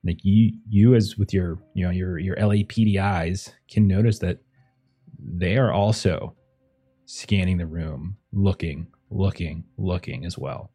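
A man's voice: deep voice, measured pace, dark tone, slightly rough, soft background music. A man narrating a tabletop game as game master, casual and rambling. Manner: casual, rambling, lots of fillers.

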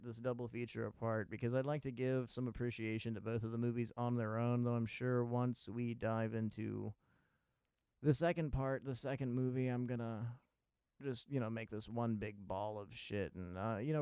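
Man from Maryland, podcast host. Rambling, cursing, sarcastic. Smooth, crisp voice, dry and close. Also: medium pitch, darkish tone, dry recording. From Maryland, USA. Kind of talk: casual movie review.

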